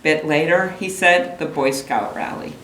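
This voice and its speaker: A woman's voice: low-pitched, measured pace, a bit bright, a little hiss or hum. A middle-aged woman from Minnesota giving a campaign stump speech, telling stories in a conversational, folksy way. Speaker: political candidate. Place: rally in a room with a crowd. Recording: echoey room, faint ambience.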